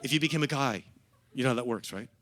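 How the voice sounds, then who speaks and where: A man's voice: mid-range voice, fast talker, fairly bright tone. A middle-aged American man doing stand-up in a comedy club, teasing the crowd in a camp, sardonic way. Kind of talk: stand-up set, crowd work.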